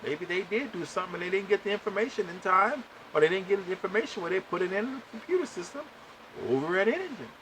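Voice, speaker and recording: He talks fast in a high-pitched voice, a podcast host animatedly recounting a long story with casual exasperation and speaking right to his listeners. The low-quality recording carries a slight hiss or hum.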